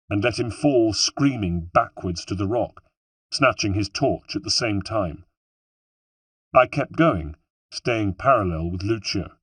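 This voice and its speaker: Guy reading an action audiobook, low husky voice, sounds a bit far from the mic, dry room. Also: no echo. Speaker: audiobook narrator. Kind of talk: first-person audiobook narration.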